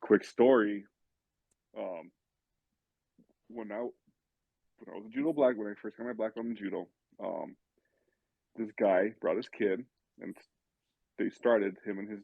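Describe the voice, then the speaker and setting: A man's voice: on the low side, measured pace, creaky, long pauses, no room sound, narrow, tinny audio. A man chatting casually on a podcast about martial arts, often stammering and repeating words. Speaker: podcast guest, judo and jiu-jitsu student. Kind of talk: casual chat.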